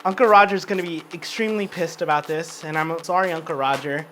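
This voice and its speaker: A man's voice: a little high, steady tone, fairly quick, bright, forceful tone, soft background music. A drunk man hosting a casual cooking show, rambling, joking and swearing freely as he cooks in a home kitchen.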